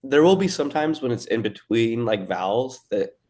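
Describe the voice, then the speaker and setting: A man's voice: medium pitch, lively intonation, moderate pace, a little mellow. A man teaching a language in a loose, hesitant chat, with lots of fillers and a cough. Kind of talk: casual lesson chat.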